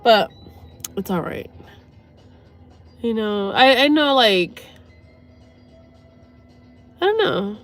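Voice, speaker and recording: A young woman talking to her viewers about something painful, rambling and swearing, pausing to sigh and close to tears. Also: a little high, big pitch swings, faint music behind. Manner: rambling, sweary, halting with sighs. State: near tears. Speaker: livestreamer. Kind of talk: emotional personal talk to viewers.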